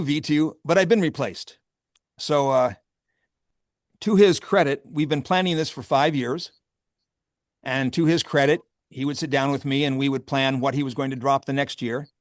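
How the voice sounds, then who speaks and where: A man's voice: mid-range voice, no echo, studio quality. A man who owns a vineyard, talking candidly and with wry humor in a casual interview, often laughing. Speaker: vineyard owner and grape grower.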